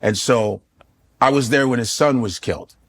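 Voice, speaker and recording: A man, a comedian guest on a podcast, telling stories in an animated way. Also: medium pitch, moderate pace. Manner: animated storytelling with slips into voices. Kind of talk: podcast interview.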